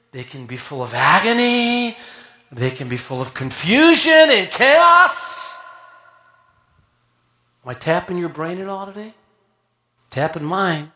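A man preaching a sermon in a folksy, animated way, swinging from loud emphasis to hushed asides. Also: fairly high pitch, reverberant.

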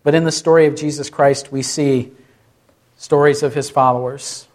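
A man's voice: a little high, steady tone, moderate pace, darkish tone. A man, a pastor, preaching a sermon with many questions to the listeners and short acted-out quotes.

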